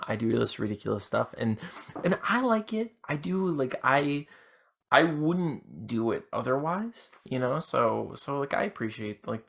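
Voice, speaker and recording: A drunk man hosting a podcast, rambling through a casual monologue with halting restarts and self-deprecating asides. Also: mid-range voice, gravelly, a bit bright, slight background noise. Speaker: podcast host.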